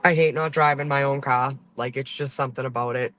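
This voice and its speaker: A man's voice: mid-range voice, steady tone, brisk, fairly bright tone, slight background noise. A man from Boston hosting his channel, chatting casually from inside a car in a loose, rambling way full of fillers and swearing. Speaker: channel host. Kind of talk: casual driving vlog chat.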